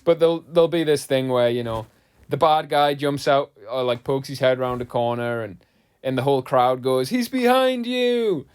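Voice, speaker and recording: A man's voice: medium pitch, steady tone, moderate pace, darkish tone, clean tone. A man, preaching casually to camera as an online Bible teacher, rambling and conversational. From England. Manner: rambling, conversational, heavy use of "like" and "you know".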